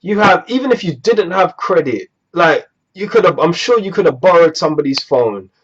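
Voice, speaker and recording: A young man telling a storytime vlog, animated and exasperated, swearing freely, on a dull lo-fi recording. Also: on the high side, normal speed, slightly rough. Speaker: vlogger.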